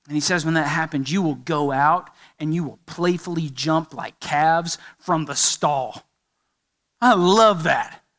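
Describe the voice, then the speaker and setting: A man's voice: fairly high pitch, measured pace, fairly bright tone. A man preaching a sermon as pastor, emphatic and building with repeated phrases.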